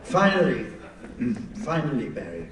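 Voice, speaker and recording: A man chairing a live comedy panel, reading out questions in a dry, deadpan way and stumbling over the text. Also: medium pitch, moderate pace. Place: large theatre with live audience. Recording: echoey, distant theatre recording with noise.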